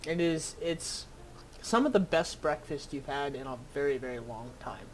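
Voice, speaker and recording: Halting game master describing a scene. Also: medium pitch, a little hiss or hum. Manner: halting, full of fillers and restarts. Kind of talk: narrating a tabletop game.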